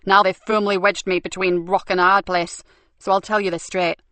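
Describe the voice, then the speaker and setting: A woman's voice: medium pitch, little pitch movement, normal speed, bright, forceful tone, dry recording, natural voice. A woman voicing a blunt senior male police superintendent in an audiobook.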